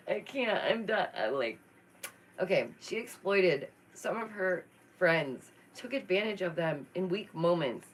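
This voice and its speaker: A woman hosting a casual live-stream commentary, expressive and sassy, laughing often. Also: lowish voice, takes it slowly, long pauses, slightly rough, low-quality recording. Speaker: YouTube commentary host.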